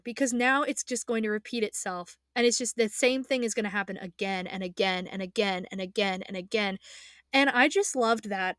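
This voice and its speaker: A woman's voice: fairly high pitch, a bit bright, dry recording, studio quality. A young woman in a casual, emotional rant as an anime fan, passionate and rambling, swearing freely and trailing off into fillers.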